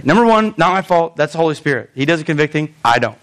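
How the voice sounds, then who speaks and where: A pastor with a fairly high, expressive male voice preaches a sermon in a loose, conversational way at a quick pace, his tone fairly bright. He reads scripture, acts out the voices of the people in it, and chuckles along the way.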